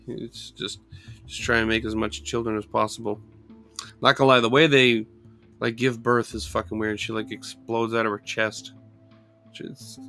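A man talking casually through a movie review in a gravelly, fry-heavy voice at an ordinary pitch. He rambles and swears, stumbles over his words and laughs as he goes. Faint guitar music plays underneath. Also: a bit bright. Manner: loose, rambling, profane, with frequent laughs and fillers.

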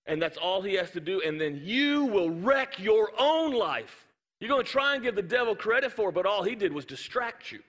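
A male pastor, preaching with animated storytelling and playful sound effects. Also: high voice, normal speed. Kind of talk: sermon. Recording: hall reverb.

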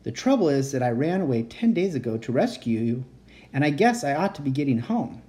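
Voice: mid-range voice, big pitch swings, fairly quick, dark tone, natural voice. A reader voicing a brave, practical nine-year-old boy in a children's storybook, cheerful and matter-of-fact. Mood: friendly. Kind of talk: children's storybook read-aloud.

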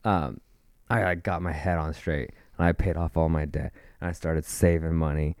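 A man's voice: rumbling low, fairly even intonation, moderate pace, a little mellow, dry recording, studio quality. A young man casually telling a rambling, profane story, full of fillers and restarts. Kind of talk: casual chat.

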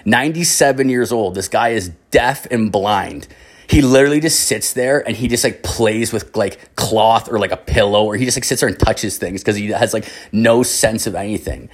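A man's voice: lowish voice, normal speed. A young man from Canada, telling a rambling, profane story in casual chat, full of filler words.

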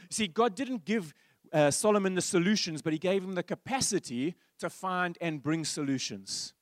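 A male pastor preaching a sermon, telling stories that swing from animated to hushed. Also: on the high side, normal speed, dry recording, clean studio sound.

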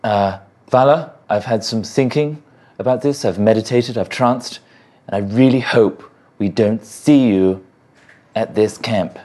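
Low-voiced man player, measured. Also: darkish tone. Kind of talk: playing a tabletop game in character.

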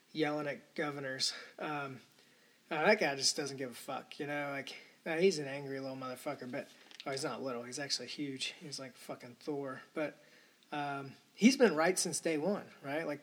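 A man's voice: on the high side, fairly even intonation, moderate pace. A man hosting a podcast, delivering a rambling, indignant solo rant full of profanity. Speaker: podcast host. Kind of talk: ranting solo podcast monologue.

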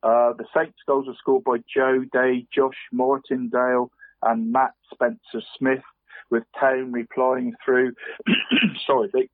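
Unhurried and with little pitch movement, a man's mid-range voice delivers a casual radio round-up of weekend football scores. As the results presenter, he's rambling and chatty, constantly saying "mate". There's no echo, and the line sounds dry and tinny, much like a phone.

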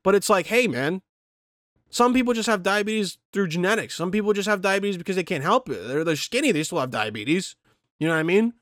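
Man, somewhat high voice, profane rambling commentator, dry close recording. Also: expressive, fairly quick, fairly bright tone, no room sound. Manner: heavy swearing, rambling, reads aloud then reacts. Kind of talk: profane ranting commentary on a news article.

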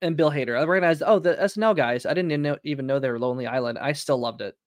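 Podcast guy, voice a bit on the higher side, easygoing, chuckles a lot, dry mic. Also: very fast, no echo. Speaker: podcast co-host. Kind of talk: casual podcast chat.

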